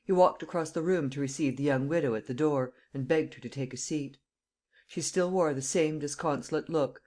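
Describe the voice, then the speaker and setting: An audiobook narrator giving a steady, even scripted narration of a classic mystery novel. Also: medium pitch.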